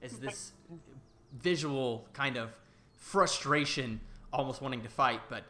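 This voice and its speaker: A man's voice: medium pitch, a little slow, sharp tone. A man narrating as game master over a video call, loose and rambling with plenty of fillers. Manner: loose and rambling, many fillers, laughs easily. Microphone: headset on a video call.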